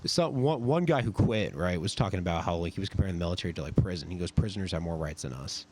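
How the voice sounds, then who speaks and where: A man's voice: low voice, animated, fast, a little mellow, a little hiss or hum. A young man in his twenties from California, a podcast guest and army sergeant telling casual, rambling stories full of "like.". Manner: rambling, filler-heavy with frequent "like". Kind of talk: casual storytelling.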